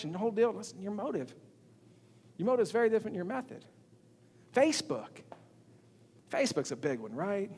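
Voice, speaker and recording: Guy preaching a sermon, high voice, chatty and repeats himself, big church echo. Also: sing-song, brisk, long pauses, darkish tone, slightly rough. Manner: conversational, repeats words, acts out quotes. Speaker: pastor. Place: church sanctuary. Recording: long reverb of a large church hall.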